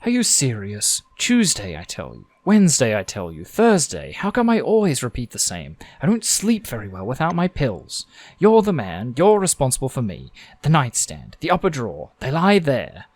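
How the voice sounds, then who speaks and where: Aussie guy doing a shrill fed-up wife nagging about her pills, voice swooping all over, dry close sound. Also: wildly swooping pitch, moderate pace, no echo. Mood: exasperated. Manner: shrill, exasperated scolding. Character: nagging frustrated middle-aged woman.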